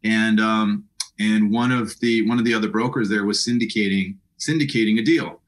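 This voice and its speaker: Man, middle-aged, lowish voice, interview guest, halting, repeats and restarts words. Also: fairly even intonation. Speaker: guest, apartment broker. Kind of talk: casual interview conversation.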